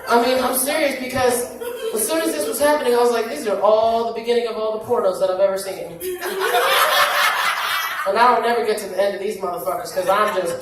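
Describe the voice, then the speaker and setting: A woman's voice: fairly high pitch, steady tone, fast talker, a loud crowd. A woman doing a crude, brash stand-up comedy set on a club stage, speaking with a handheld mic. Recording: echoey club from far off, noisy. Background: audience laughter.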